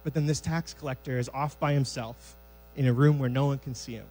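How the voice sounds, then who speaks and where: A man preaching a sermon in a church sanctuary, conversational and lively, acting out scenes from scripture. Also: medium pitch, brisk, poor audio.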